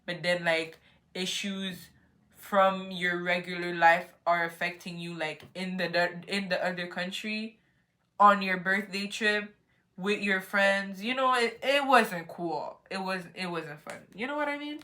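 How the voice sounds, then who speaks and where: A young woman vlogger telling a casual story time, animated, acting out her own reactions and peppering her talk with "like.". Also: on the low side, measured pace. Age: young adult.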